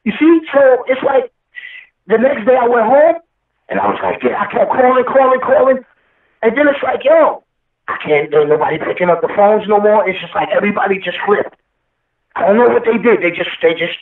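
A man tells a long story in an interview, emotional and rambling, swearing as he goes. His voice sits high. The sound is tinny like a phone line, echoey and a little far from the mic. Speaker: guest rapper.

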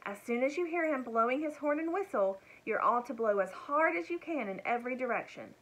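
A woman voicing a brave, eager young boy in a storybook read-aloud, talking in an urgent, excited way. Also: high-pitched, fairly quick, pitched above the performer's own voice, poor audio.

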